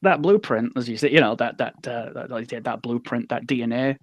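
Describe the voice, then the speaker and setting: A man's voice: medium pitch, fairly quick. A man co-hosting a casual gaming talk show, agreeable and chuckling, with many hesitant fillers. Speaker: podcast co-host.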